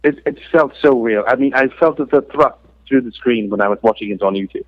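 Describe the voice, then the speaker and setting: A man calling in to a podcast, putting on a pompous posh English gentleman's voice and calling everyone sir. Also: medium pitch, a little fast, dry recording, lightly acted. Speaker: caller. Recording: muffled phone line.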